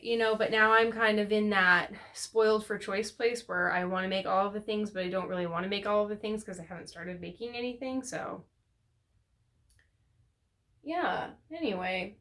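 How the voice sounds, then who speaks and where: Woman rambling about her knitting, casual chat, lots of ums, mid pitch. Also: fairly bright tone. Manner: rambling, self-correcting, lots of fillers. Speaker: knitting podcast host.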